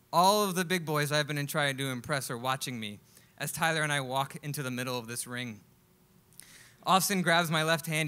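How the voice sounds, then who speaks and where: A man telling a comic personal story live on stage, animated and acting out other people's lines. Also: fairly high pitch. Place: live stage at a music club.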